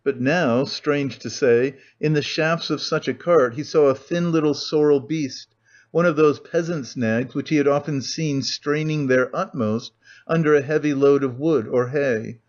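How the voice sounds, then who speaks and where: A man reading a classic novel aloud as an audiobook narrator, in a measured storytelling manner. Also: on the high side. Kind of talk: scripted narration. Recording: muffled lo-fi audio.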